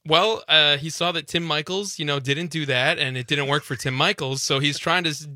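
Bright-voiced male radio co-host. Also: on the high side, normal speed, dry recording, studio quality. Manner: chatty, explanatory, upbeat. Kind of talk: casual political talk radio. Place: radio studio.

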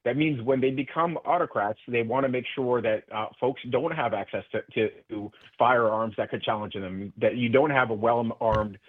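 A man guest on a political radio interview, talking earnestly with many halting restarts over a phone line. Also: medium pitch, dry recording. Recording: tinny phone line, dry.

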